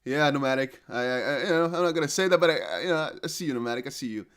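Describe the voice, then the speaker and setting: A man hosting a live crypto price stream, talking fast and excited with laughs and chanted hype lines. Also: mid-range voice. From Netherlands. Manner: hyped, laughing, breaks into chanting.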